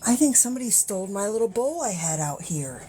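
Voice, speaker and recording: Here a fairly quick, warm-toned woman's voice carries a sing-song quality as she vlogs about her pets on a neighborhood walk. The American vlogger chats to her audience and coaxes the animals in a high, lilting voice, over a little hiss or hum.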